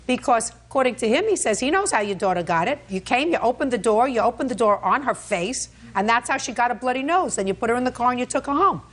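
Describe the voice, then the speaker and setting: A woman's voice: fairly high pitch, expressive, fast talker, few pauses, fairly bright tone. A woman presiding as a television court judge, questioning the parties bluntly and scolding them as she cuts in.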